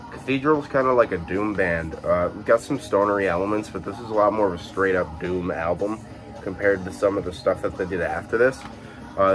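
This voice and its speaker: A young man casually showing off his music collection, rambling and correcting himself, saying he just woke up. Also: low-pitched. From Illinois, USA. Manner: rambling, relaxed, many fillers and self-corrections. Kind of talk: casual chat.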